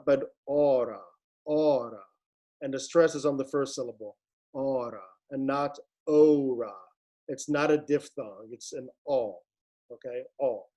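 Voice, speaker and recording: A man's voice: on the high side, a little mellow. A man directing a virtual choir rehearsal, patiently explaining Latin diction and demonstrating each sound. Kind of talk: online rehearsal instruction.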